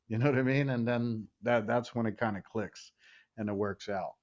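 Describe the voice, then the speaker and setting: Slangy male host, mid pitch, slightly dull lo-fi audio. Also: normal speed, darkish tone. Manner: casual, slangy, "you know what I mean". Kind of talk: casual interview chat.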